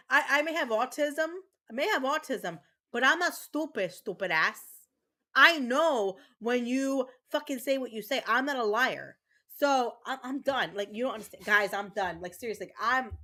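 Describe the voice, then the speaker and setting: A woman's voice: high voice, sharp tone. A woman streamer, a mother, angrily ranting to her chat while playing a game, swearing and repeating herself. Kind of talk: casual livestream chat while gaming.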